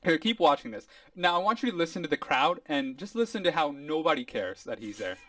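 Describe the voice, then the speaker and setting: A man hosting a podcast in casual chat, talking in an animated, mocking way. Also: on the high side, brisk, far from the mic, noisy background. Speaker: podcast host.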